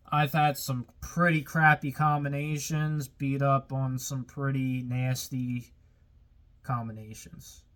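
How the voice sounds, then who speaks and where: A man hosting his own car-building videos, talking casually to viewers in a plain-spoken way that gets a little worked up. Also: mid-range voice. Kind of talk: casual workshop talk to viewers.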